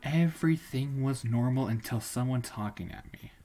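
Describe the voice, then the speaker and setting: A man's voice: mid-range voice, moderate pace, dark tone, soft background music. A man streaming live, reading stories aloud in a casual, rambling way and often stopping to correct himself.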